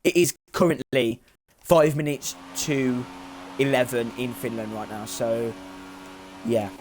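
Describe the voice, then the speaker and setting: A man's voice: medium pitch, fairly even intonation, slow pace. A young man doing live commentary on a sim race, rambling and joking with lots of fillers. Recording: faint background noise.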